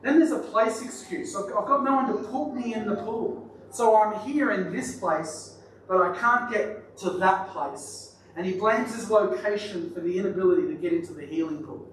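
High-voiced male pastor, casual joking sermon, very echoey distant hall recording with noise. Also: moderate pace, fairly bright tone. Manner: chatty, joking aside to the congregation. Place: church hall.

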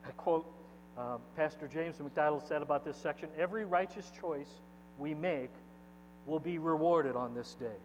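A man's voice: fairly high pitch, moderate pace. A man preaching a sermon, reading scripture aloud and pressing the lines home with sudden bursts of force. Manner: expository preaching, reading scripture aloud with emphatic swings in loudness. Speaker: pastor. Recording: dull echoey hall with mains hum.

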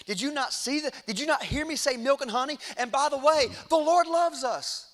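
A man voicing a bold, defiant male biblical scout, shouting his exhortation. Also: very high-pitched, moderate pace, voice pushed up. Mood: rousing.

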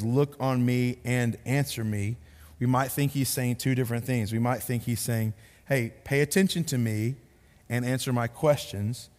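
Earnest male pastor in a reverberant hall. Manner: earnest, repeats words for emphasis, drops low to stress a point. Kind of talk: sermon. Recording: long reverb of a large hall.

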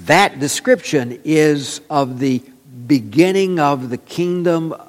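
A man's voice: a little high, expressive, takes it slowly. A man preaching a sermon, telling folksy stories with frequent fillers. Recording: long reverb in a large hall.

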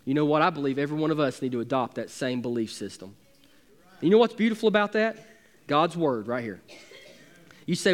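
A man's voice: on the high side, animated, a little fast. A man, preaching a sermon as pastor with emphatic, building intensity.

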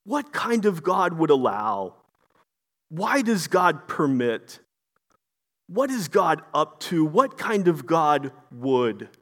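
A man's voice: fairly high pitch, big pitch swings, slow. A man preaching an impassioned sermon, rhetorical and repetitive. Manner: impassioned, rhetorical, repeats himself.

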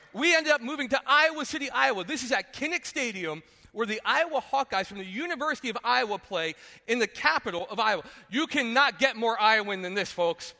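Animated young pastor in a big hall. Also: male voice, extremely high pitch, brisk, hardly any pauses. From New Jersey. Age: 30s. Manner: animated storytelling, jokey asides, acts out quotes. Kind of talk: sermon with personal stories.

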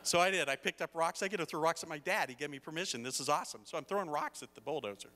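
Bright-voiced preacher in a reverberant hall. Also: male voice, on the high side, racing. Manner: storytelling, rising to emphatic preaching. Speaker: pastor. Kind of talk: sermon. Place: church hall.

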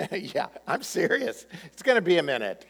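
A man preaching a sermon, in a relaxed conversational way with plenty of fillers. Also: a little high, normal speed, gravelly, slightly rough, long reverb tail. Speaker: pastor.

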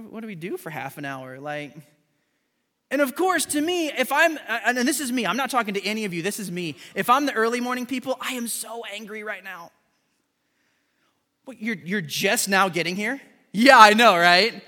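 A high, bright male voice preaching to a congregation, jumping into playful dialogue as he tells his stories. It rings out in a large, reverberant hall, with soft music under him. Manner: animated storytelling, acting out dialogue. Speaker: pastor. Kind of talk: sermon. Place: church sanctuary.

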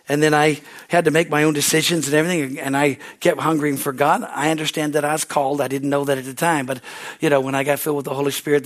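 A man preaching a sermon as pastor, building into excited shouts of praise with many hallelujahs. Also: a little high.

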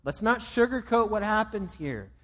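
A man's voice: sits high, lively intonation, normal speed, a bit bright, long reverb tail. A man preaching a sermon as pastor, with an emphatic, repetitive cadence.

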